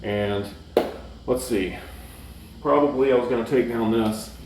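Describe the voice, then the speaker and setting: A man's voice: medium pitch, unhurried, background noise. A man casually reviewing a movie for his channel, rambling with lots of fillers and restarts. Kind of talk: casual chat. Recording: roomy echo, mic at a distance.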